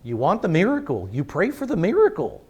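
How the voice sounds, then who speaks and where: A man's voice: high voice, wildly swooping pitch, brisk, noisy background. A man pastor preaching a sermon, emphatic, repeating words for stress and asking the congregation questions.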